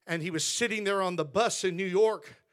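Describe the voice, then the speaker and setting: A man's voice: high voice, moderate pace, a bit bright. A male pastor preaching a sermon in church, telling stories in an earnest way.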